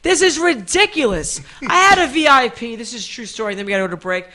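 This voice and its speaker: A woman's voice: on the high side, animated, fast. Brash New woman hosting live. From Bronx, New York. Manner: brash, profane, loud comic storytelling. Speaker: live show host. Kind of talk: live show banter and storytelling.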